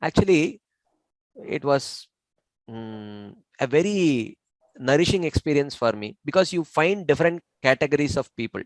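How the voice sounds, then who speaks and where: A man's voice: on the high side, lively intonation, no room sound, rough recording. Male scripture teacher, patient and explanatory, dry close sound, lots of "you know" and "uh". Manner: measured, explanatory, many fillers. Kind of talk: informal discussion.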